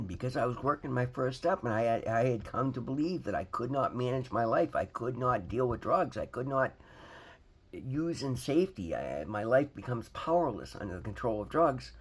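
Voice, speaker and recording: A man giving a candid, earnest personal testimony about his recovery from his home, often restarting phrases and calling viewers "guys". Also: fairly low pitch. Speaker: recovery vlogger.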